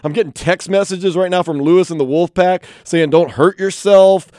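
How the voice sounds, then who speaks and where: A man's voice: sits high, normal speed, a little mellow, no echo. A man hosting a sports radio show in a studio, joking about himself between headlines. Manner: playful, self-mocking, jokey.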